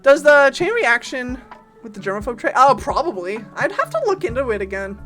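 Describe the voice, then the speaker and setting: A woman's voice: sits high, a little fast. A woman streaming a game, chatting casually and giggling with her viewers, swearing often. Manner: animated and giggly, greets chat, swears often. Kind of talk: casual live-stream chat while gaming. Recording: game music playing under voice.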